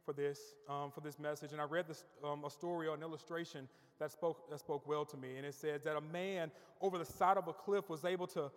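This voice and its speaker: Male pastor, high voice, preaching in a church with long echo, repeats himself as he builds. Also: steady tone, a little fast, hardly any pauses. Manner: preaching with rising emphasis, repeats words as he builds. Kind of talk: sermon. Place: church sanctuary. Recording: long reverb of a church hall.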